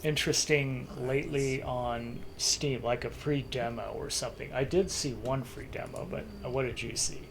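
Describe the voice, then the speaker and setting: A man's voice: mid-range voice, steady tone, moderate pace, hardly any pauses, a little hiss or hum. A man hosting his live stream, chatting casually and a little tired, often restarting his sentences. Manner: rambling, restarts mid-thought, chuckles. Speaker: streamer hosting a talk segment.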